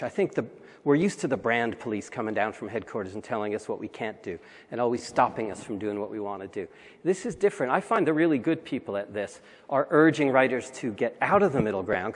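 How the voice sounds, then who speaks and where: A man giving a conversational conference talk with wry asides, recorded in a large hall. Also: mid-range voice. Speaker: conference speaker.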